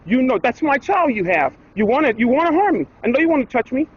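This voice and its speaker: Man, high pitch, defiant and insistent, muffled lo-fi street clip. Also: sing-song, fast, breathy edge. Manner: defiant, insistent, repeating phrases. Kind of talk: heated confrontation caught on camera. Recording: dull, lo-fi clip with faint background noise.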